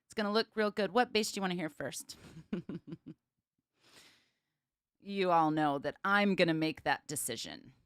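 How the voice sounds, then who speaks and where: A woman hosting her own livestream as a bass player, chatting casually with viewers and laughing often. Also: moderate pace, long pauses, a bit bright, smooth, no room sound, studio quality. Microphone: streaming setup with cameras.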